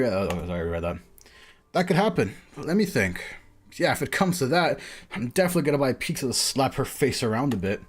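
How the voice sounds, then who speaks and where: A man's voice: mid-range voice, big pitch swings, fairly quick, slightly rough. Rambling, hesitant male streamer. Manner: rambling, distracted, hesitant with many ums. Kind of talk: casual game-reading livestream chat.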